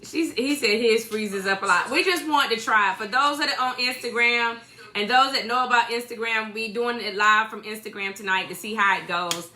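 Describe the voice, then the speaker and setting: A woman's voice: on the high side, normal speed, pushed and bright, soft background music. A woman in her thirties co-hosting a casual church livestream from home, greeting viewers by name and chatting.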